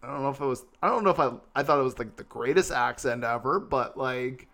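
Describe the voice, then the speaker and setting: A man hosting a casual movie discussion podcast, animated and hedging, reading a listener's comment and steering the talk. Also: mid-range voice, fast talker. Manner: animated, hedging with lots of "like" and "I don't know". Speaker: podcast host.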